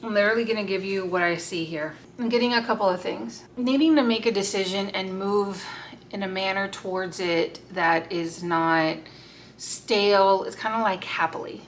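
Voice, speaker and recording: A woman's voice: mid-range voice, moderate pace. Casting note: woman, tarot reader, off-the-cuff and foul-mouthed, mid-range voice, faint room hum behind. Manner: blunt, swears freely, talks to the cards aloud. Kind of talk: casual unscripted tarot reading.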